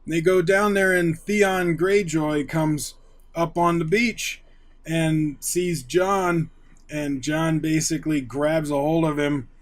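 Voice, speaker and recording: A man hosting a casual recap of a TV episode, retelling scenes with eager excitement. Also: on the high side, slow. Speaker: YouTube show host.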